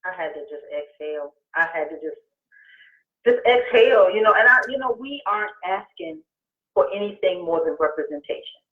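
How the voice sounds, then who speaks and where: A woman's voice: mid-range voice, animated, moderate pace. A woman guest taking part in a political discussion, speaking in an earnest, emphatic way. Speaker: guest co-host. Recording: tinny roomy phone-like call audio.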